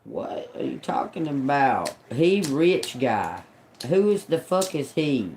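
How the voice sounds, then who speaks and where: A woman's voice: a bass voice, wildly swooping pitch, slow pace, a little mellow, a little hiss or hum. A woman streaming live as a psychic reader, muttering single words over and over, puzzled and swearing at what she hears. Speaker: tarot and oracle live streamer.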